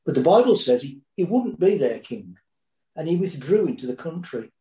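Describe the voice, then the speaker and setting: A man's voice: fairly high pitch, big pitch swings, moderate pace, mellow, roomy sound, poor audio. A man preaching a sermon, telling the story dramatically with rising and falling intensity.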